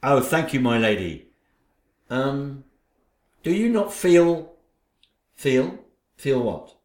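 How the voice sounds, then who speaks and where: A man's voice: medium pitch, very animated, slow pace, echoey room. A man voicing an eager, nervous manservant who fawns and stammers. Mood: fawning. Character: fawning nervous male servant.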